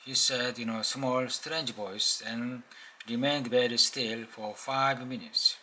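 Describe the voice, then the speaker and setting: Korean-accented male reader, deliberate halting pace, bright crisp tone, audiobook practice. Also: medium pitch, steady tone, a little hiss or hum, poor audio. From South Korea. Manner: slow, halting reading with small slips. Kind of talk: reading a novel aloud.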